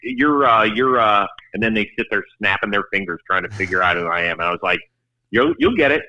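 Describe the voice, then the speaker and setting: Sharp-voiced sports host, man. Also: on the low side, steady tone, fast talker, lo-fi sound. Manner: wry, self-deprecating storyteller. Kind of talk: casual podcast chat.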